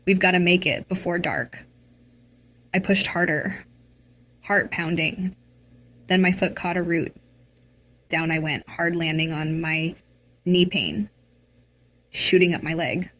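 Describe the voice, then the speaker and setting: A woman tells a dramatic, emotional first-person story slowly and deliberately. Her voice sits on the lower side. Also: fairly even intonation, a bit bright. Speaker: narrator.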